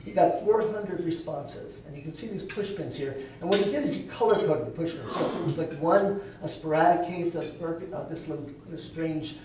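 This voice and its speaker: A man's voice: on the high side, normal speed, hardly any pauses, darkish tone, slight background noise. A man giving a keynote talk at a dinner event, telling a long anecdotal story with touches of light humor. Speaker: keynote speaker. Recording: echoey hall, voice from far off.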